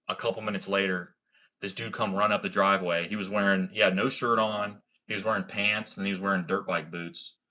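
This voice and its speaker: Livestream host, male, low register, crisp bright tone, casual and profane, full of "bro" and "like". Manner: laid-back, profane, slangy, lots of "like" and "bro". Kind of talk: casual livestream storytelling and chat.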